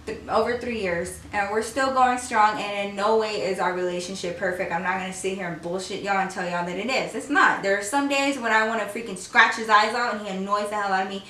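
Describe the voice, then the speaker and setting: Slangy, animated young woman vlogger. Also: fairly high pitch, recorded from a distance, slight background noise. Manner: animated, slangy storyteller who acts out quotes. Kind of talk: casual storytelling to camera. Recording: echoey room, voice a bit off mic.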